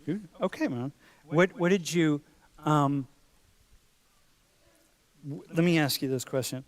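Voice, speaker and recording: A man's voice: a little high, takes it slowly. A man teaching a university class in a large lecture hall, talking casually and playfully, calling students dude and bro. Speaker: university professor.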